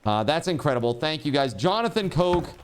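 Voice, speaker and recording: A man livestreaming and reading out donations in casual chat. He swears, says dude a lot, and bursts into laughter and shouting. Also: fairly high pitch, sing-song, a little fast, slight background noise. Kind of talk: live stream donation reading.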